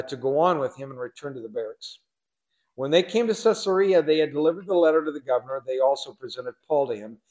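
A man's voice: on the high side, a little mellow. Man preaching in a conversational tone. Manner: conversational, wry asides, frequent fillers. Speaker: pastor. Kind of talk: sermon with scripture reading and commentary.

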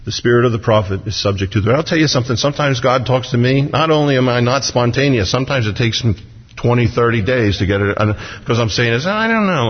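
A man preaching a sermon as a pastor, conversational and humorous, acting out little voices as he speaks. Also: medium pitch. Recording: dull, lo-fi hall recording with long reverb.

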